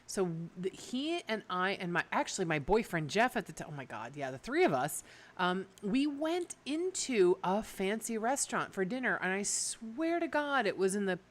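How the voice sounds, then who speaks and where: A middle-aged woman co-hosts a radio talk show, telling a story in a casual, rambling way. Her pitch swoops and dances as she talks, and she leans on fillers. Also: moderate pace. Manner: animated storytelling, many fillers. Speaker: radio co-host. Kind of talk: casual chat.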